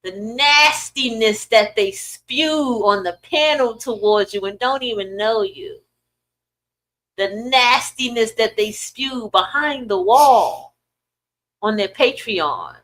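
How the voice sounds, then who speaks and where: A middle-aged woman hosting a podcast, ranting in casual, profane commentary with sudden loud swings and a dry throat. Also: fairly high pitch, lively intonation, slow, poor audio. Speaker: podcast host.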